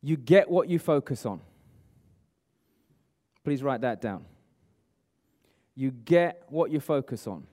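A man giving a lively motivational seminar talk, asking the room and viewers at home questions. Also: medium pitch, slow, long pauses. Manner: energetic, coaching, asks the audience questions. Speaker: motivational speaker. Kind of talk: live seminar talk to room and online audience.

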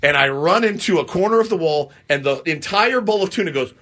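A man co-hosting a morning sports radio show, telling a self-mocking story in an animated way and acting out the scenes. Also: high voice, fairly quick.

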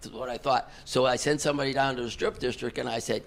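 Gravelly man telling a backstage story. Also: mid-range voice, fast talker, hardly any pauses. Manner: animated, chuckles through the story, acts out dialogue. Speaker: concert promoter guest. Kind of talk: anecdotal storytelling on a podcast.

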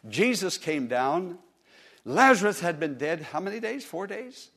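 A man preaching a sermon to a congregation, with impassioned swings in volume and repeated words. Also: on the high side. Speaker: pastor. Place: church service.

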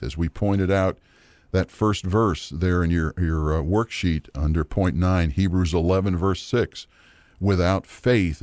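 A middle-aged man teaching a Bible lesson from a worksheet, earnest and measured, often pausing on fillers and restarts. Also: low-pitched, dark tone, dry recording. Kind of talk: teaching sermon.

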